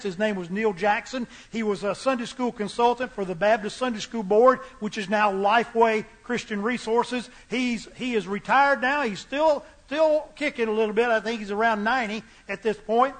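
Male preacher, sermon, very high voice, emphatic repetition. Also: fairly bright tone.

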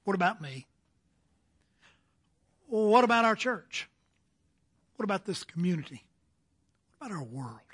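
Guy with a high voice preaching, tells a story slow and drops soft at the ends. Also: very animated, slightly rough. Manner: storytelling with slow emphatic phrases and quiet endings. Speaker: pastor. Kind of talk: sermon.

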